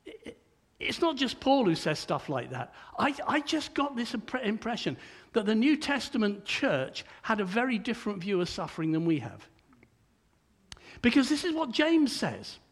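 Older male preacher, very high voice, chatty sermon full of stammered restarts. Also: big pitch swings, normal speed.

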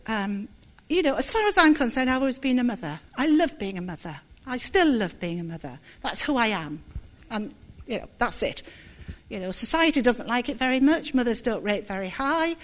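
A middle-aged woman giving a candid, self-deprecating church testimony, halting and close to tears. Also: fairly high pitch. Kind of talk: sermon with personal testimony.

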